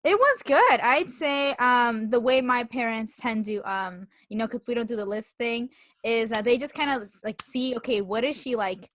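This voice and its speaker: A woman's voice: fairly high pitch, expressive, moderate pace, fairly bright tone. A young woman co-hosting a podcast, chatting casually and telling stories animatedly with lots of likes and laughter. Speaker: podcast co-host. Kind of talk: casual chat.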